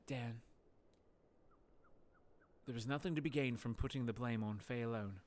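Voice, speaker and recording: A man voicing a calm, formal older village doctor in a put-on South African accent, speaking in a measured way. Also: medium pitch, close to an everyday voice.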